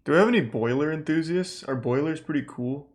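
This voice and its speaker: A man's voice: fairly high pitch, fairly quick. Sarcastic male streamer reacting. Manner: sarcastic, swearing, incredulous reactions. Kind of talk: casual livestream commentary.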